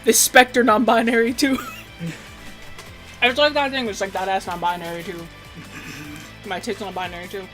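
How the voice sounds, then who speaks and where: A woman's voice: on the low side, normal speed, long pauses, over music. A woman art streamer chatting casually on a drawing lesson stream, laughing often and filling her talk with "like" and "um". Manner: giggly, filler-heavy talk. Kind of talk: casual live-stream chat.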